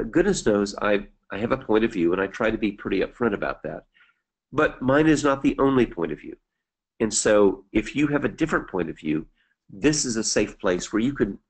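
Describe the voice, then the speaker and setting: Middle-aged male webinar host, deliberate and earnest; husky, low delivery. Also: rough recording. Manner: earnest, deliberate, repeats key points slowly. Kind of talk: presenting a webinar.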